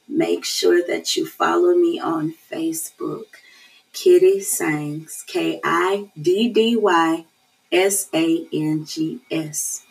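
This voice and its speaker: Woman host, slow gravelly promo read, recorded from a distance. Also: lowish voice, darkish tone. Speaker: show host. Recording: distant mic.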